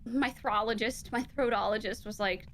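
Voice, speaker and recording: A woman's voice: fairly high pitch, moderate pace, a little hiss or hum. A woman streaming a game with a friend in playful casual chat, swearing freely and joking. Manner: playful, swears casually, acts out quotes in a whisper.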